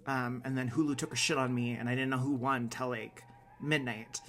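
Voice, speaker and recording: A man's voice: medium pitch, fairly even intonation, moderate pace, fairly bright tone, a little hiss or hum. A man giving blunt, sarcastic opinions in a casual reaction vlog, swearing casually. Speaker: vlogger.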